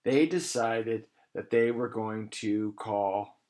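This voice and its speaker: A man telling an improvised children's story in an animated, playful way, slowing down to stress words. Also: lowish voice. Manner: animated, playful, slows for emphasis.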